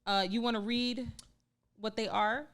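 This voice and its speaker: A woman co-hosting a casual podcast chat, telling stories in an animated, expressive way with relaxed slang. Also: a little high, measured pace. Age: adult with a young daughter. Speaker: podcast co-host.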